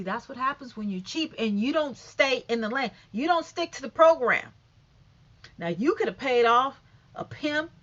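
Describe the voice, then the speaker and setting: A woman's voice: a little high, muffled recording. A woman in her fifties ranting bluntly and profanely in a casual vlog. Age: 50s. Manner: blunt, profane, animated and emphatic. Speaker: vlogger. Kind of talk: casual rant to camera.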